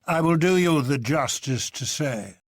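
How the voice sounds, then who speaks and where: Man playing a huge commanding president, drawling, mocking, slow, dry sound. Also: fairly high pitch, lively intonation, no echo.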